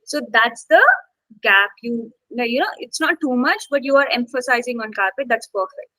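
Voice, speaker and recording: A woman's voice: on the high side, normal speed, sharp tone, no room sound, rough recording. A woman instructor teaching an online English class, coaxing students to take part, with many fillers.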